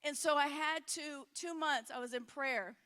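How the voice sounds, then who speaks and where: A middle-aged woman preaching a frank, emotional sermon in a church, swinging between loud and hushed. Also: sits high, moderate pace. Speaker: conference speaker.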